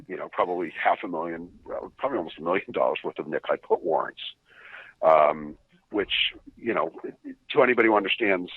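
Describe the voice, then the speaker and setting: A man, a podcast guest, telling animated, profane stories with laughing asides, in a dull lo-fi recording. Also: low voice, husky, dry recording. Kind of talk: casual storytelling.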